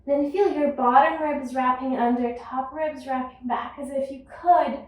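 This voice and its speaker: A woman guides a yoga class in a slow, measured voice, pitched a little high. She sits back from the microphone in a strongly echoing room. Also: distant mic. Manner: calm, unhurried cueing of breath and movement. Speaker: yoga teacher. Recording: echoey room, voice off-mic.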